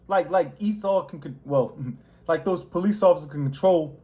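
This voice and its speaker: A man's voice: fairly high pitch, moderate pace, warm tone. A man teaching a casual scripture lesson in a slangy, rambling way, full of restarts, with a voice that carries. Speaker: Bible teacher.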